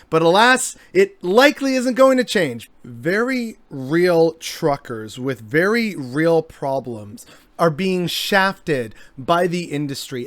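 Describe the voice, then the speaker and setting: A man's voice: high voice, fairly bright tone, no room sound. A man delivering an exasperated, sarcastic commentary monologue as a vlogger.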